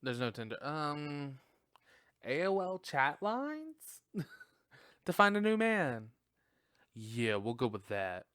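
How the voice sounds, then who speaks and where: Profane, animated male podcast host. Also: fairly high pitch, slow pace, long pauses, no room sound, clean studio sound. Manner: profane, animated, laughs often. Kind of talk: casual film review chat.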